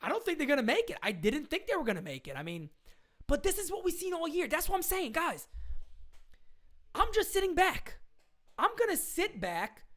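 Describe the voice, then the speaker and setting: A woman's voice: very high-pitched, very animated, moderate pace, long pauses, fairly bright tone. A woman hosting a casual live stream chat, talking in slangy, emphatic bursts, repeating her points and answering viewer questions. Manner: slangy fan talk, occasional swearing.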